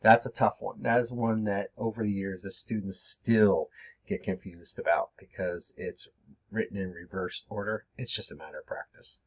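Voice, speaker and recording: A man's voice: sits low, steady tone, moderate pace. A man teaching a math lesson, explaining in a plain, repetitive way with some fillers. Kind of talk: classroom lesson. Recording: dull lo-fi recording.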